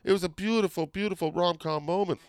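A man hosting a podcast in casual chat, rambling and excitable, often losing his train of thought. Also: high voice, quick pace, clear, resonant tone. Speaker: podcast host.

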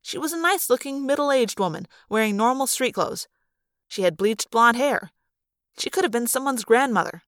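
Expressive woman reading a story aloud. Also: on the high side, moderate pace, dry recording, clean studio sound. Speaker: audiobook reader. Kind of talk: fan audiobook narration.

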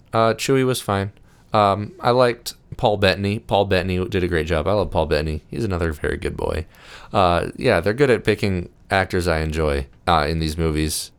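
A young man with a deep, low-pitched voice gives a loose, rambling monologue. His tone is smooth and clear, and his delivery is enthusiastic, with frequent "uh"s and restarts. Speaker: video host. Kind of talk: casual monologue reviewing films.

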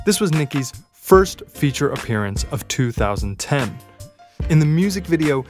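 A man reading scripted documentary narration in a measured way, with wry asides. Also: medium pitch. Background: faint music bed.

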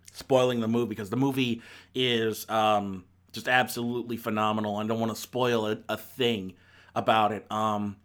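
A man's voice: medium pitch, fairly bright tone. Rambling male movie reviewer. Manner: rambling, with many ums and restarts. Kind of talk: casual spoken movie review.

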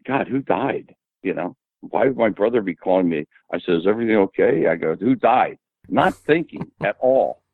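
A man in his seventies, an interview guest, telling animated anecdotes and acting out the dialogue. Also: medium pitch, no echo. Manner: animated anecdote teller who acts out quoted dialogue. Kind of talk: casual storytelling interview. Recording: tinny phone-like dry audio.

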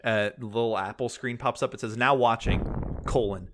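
A man's voice: mid-range voice, steady tone, fairly quick, background noise. A man co-hosting a casual film podcast, rambling and wry, swearing casually as he talks. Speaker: podcast co-host.

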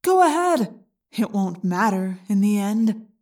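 A woman voicing a gloating male alien parasite in an audiobook, slow and mocking. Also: medium pitch, big pitch swings, a little mellow, distant mic. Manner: slow, taunting, smug. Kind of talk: audiobook character reading.

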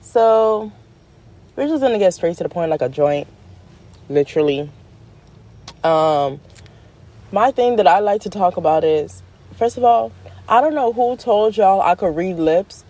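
A podcast host delivers a casual, animated monologue on her own show, full of slang. She jumps up in pitch for emphasis and laughs as she goes.

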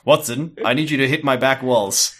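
A man's voice: medium pitch, normal speed, a bit bright, slightly rough. A man cohosting a comedy podcast, throwing in crude jokey asides and laughing often. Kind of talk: casual comedy recap chat.

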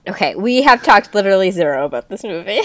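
A woman's voice: mid-range voice, sing-song, quick pace, fairly bright tone, no echo. A woman co-hosting a casual movie podcast, laid-back and agreeable, often murmuring along. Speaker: podcast co-host.

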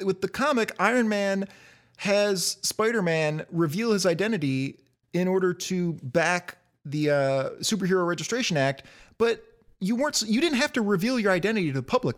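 A man hosting a casual comic book podcast. He talks in an animated way and swears freely. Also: high-pitched. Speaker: podcast host. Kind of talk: casual chat.

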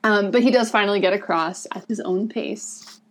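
A woman in a relaxed podcast chat at an average pitch for a woman. She talks the story through conversationally and explains each point, dropping in plenty of "um" and "like" as she goes. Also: normal speed. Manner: chatty and explanatory, with frequent "um" and "like". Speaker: podcast co-host. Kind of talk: casual discussion of a comic.

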